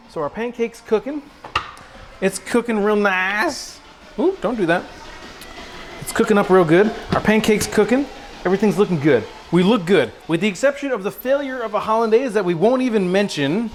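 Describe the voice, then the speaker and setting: A man's voice: sits high, big pitch swings, normal speed, faint music behind. A young man hosting a casual cooking livestream, talking while he cooks at the stove, goofy and self-mocking, calling viewers bro and dude.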